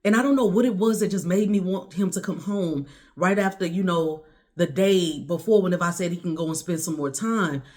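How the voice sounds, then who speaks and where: A woman recounting a harrowing personal story straight to the camera, her voice climbing high and loud when she relives her own words, then dropping low and quiet. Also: brisk. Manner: intense, rising to near-shouts when quoting herself.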